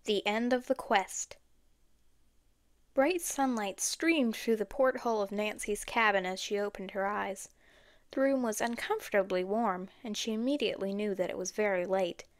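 A woman reading a storybook chapter aloud in a steady, even way. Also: medium pitch, moderate pace, no room sound, clean studio sound. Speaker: audiobook narrator. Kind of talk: storybook narration.

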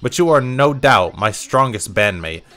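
A man's voice: mid-range voice, lively intonation, a little slow, a bit bright. A man reading the lines of a proud young female sword-wielding emperor in a grand, theatrical way.

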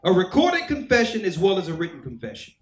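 A man with a high voice preaches a sermon, telling his own story and voicing the people in it. His voice rings through an echoey hall. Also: huge pitch swings, fast talker. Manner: storytelling, acts out quoted voices. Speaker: church elder preaching. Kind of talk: sermon testimony.

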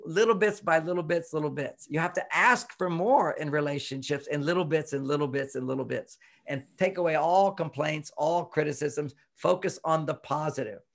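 With a slightly high voice, vocal fry, and hardly any pauses at a normal speed, a relationship writer chats as an expert guest in an informal interview. He's lively, voicing the people he quotes and chuckling a lot.

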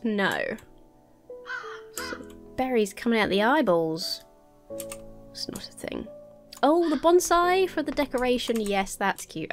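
A woman with a stuffy, nasal voice, chatting to herself as she plays a building and farming game. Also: fairly high pitch. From England. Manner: chatty, talks to herself while sorting items. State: nasal from a cold. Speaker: Minecraft let's player. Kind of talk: casual gameplay commentary.

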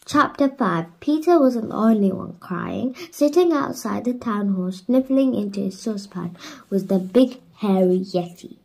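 A woman reading a children's bedtime story aloud in a slow, gentle way. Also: medium pitch, animated, vocal fry, husky, rough recording.

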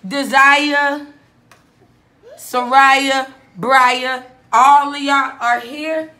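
A woman, excitedly exclaiming and calling out names during a family prank at home. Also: high-pitched, very slow, reverberant. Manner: exclaims over and over, calls the kids loudly. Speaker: family vlogger. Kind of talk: playful family prank vlog. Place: home living room.

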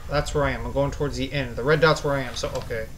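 A man commentating a horror game as he plays, easily spooked, swearing and yelling at the monster. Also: medium pitch, fairly even intonation, fast talker, slight background noise, low-quality recording. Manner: jumpy, swears a lot, yells at the monster. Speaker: gaming channel host.

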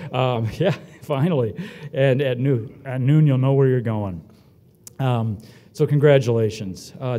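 A man warming up a crowd at a ceremony, breezy and self-deprecating, cracking jokes between announcements. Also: medium pitch. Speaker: event emcee. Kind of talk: joking welcome speech. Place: hotel ballroom. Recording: long hall reverb.

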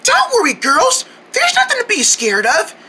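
A soothing cartoon mommy, voiced by a woman, high and very bright, speaking slowly and gently. Her pitch still rises and falls a lot. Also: wildly swooping pitch, heavily acted. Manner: gentle, reassuring. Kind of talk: children's cartoon voice acting.

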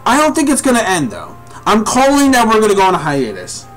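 A young man reviewing a manga live, reading along and reacting to viewers with excitable, profane chatter. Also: high-pitched, brisk, soft background music.

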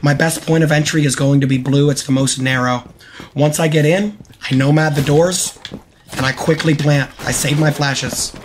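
Excitable young-sounding male gamer streaming. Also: fairly high pitch, moderate pace, a little hiss or hum. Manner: excitable, repeats phrases, self-hyping. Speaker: game streamer. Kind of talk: live-stream gameplay commentary.

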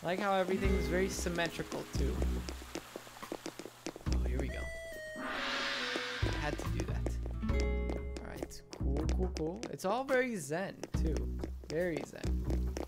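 Chatty male game streamer over loud music. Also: high-pitched, normal speed, long pauses. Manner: excitable, chatty, reads chat aloud. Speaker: gaming streamer. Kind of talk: casual live-stream commentary.

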